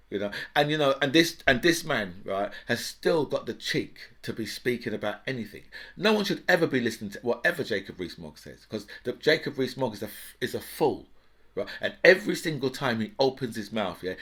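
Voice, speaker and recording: A man's voice: lowish voice, fairly bright tone. A middle-aged man giving an indignant, mocking political rant, tagging lines with "right?" and "yeah". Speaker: political commentator. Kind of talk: ranting political monologue.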